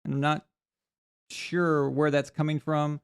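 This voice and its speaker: On a live sports talk stream, a host rambles through his opinions, full of fillers and restarts, into a desk mic on camera. His voice is a little high and slightly slow, with little pitch movement, vocal fry, and a clear, resonant tone.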